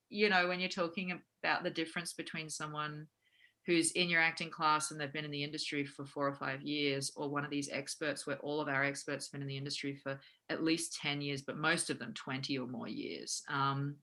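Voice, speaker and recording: Woman, actress-coach, low bright voice, animated chat with lots of fillers. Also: moderate pace, poor audio. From Australia. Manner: animated, laughs often, many fillers. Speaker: guest, actress and acting coach. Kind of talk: casual interview conversation.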